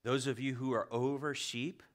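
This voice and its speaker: A middle-aged pastor preaching a sermon, asking the congregation questions and swinging between loud and hushed delivery. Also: male voice, medium pitch, steady tone, normal speed.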